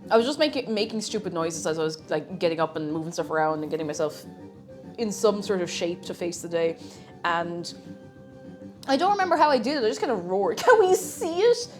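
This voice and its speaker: A woman's voice: on the low side, lively intonation, a little fast, faint music behind. A woman chatting casually and giggling while cooking at home on a live stream. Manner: chatty and giggly, breaks into silly noises.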